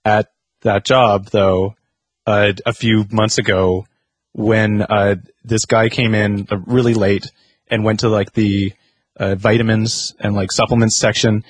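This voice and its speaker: Husky man telling rambling work stories. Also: fairly low pitch, level tone, unhurried, no echo. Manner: rambling anecdotes with fillers and quoted voices. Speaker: podcast guest. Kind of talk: casual storytelling chat.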